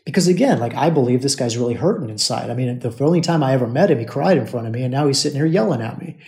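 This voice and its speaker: Relaxed, mellow-voiced man telling a story. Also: medium pitch, very fast. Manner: conversational, repeats phrases, addresses listeners as brothers. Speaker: podcast host. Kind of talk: casual storytelling monologue.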